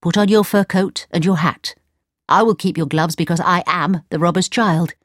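A woman's voice: lowish voice, normal speed, no echo, studio quality, lightly acted. A woman reading a storybook aloud, voicing a bold, bossy young robber's daughter.

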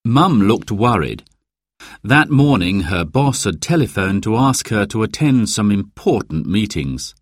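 A man reading a children's storybook aloud as narrator, in a slow, lively storytelling manner. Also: fairly low pitch, dry recording, clean studio sound.

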